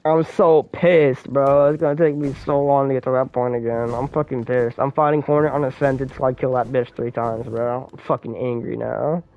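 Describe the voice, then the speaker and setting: A man's voice: mid-range voice, highs cut off. A young man streaming a game live, rambling in heavy slang and swearing in exasperation as he plays. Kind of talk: live-streamed gameplay commentary.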